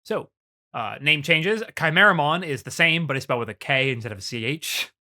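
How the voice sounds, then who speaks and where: A man co-hosting a podcast, excitedly retelling scenes in casual chat, swearing often and leaning on "like" as filler. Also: a little high, fairly quick. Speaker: podcast co-host.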